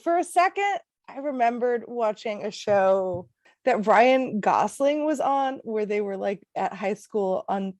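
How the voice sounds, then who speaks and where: A woman's voice: medium pitch, expressive, measured pace, a little mellow, no echo. A woman hosting a podcast, chatting casually with a guest over a video call and laughing easily. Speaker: podcast host.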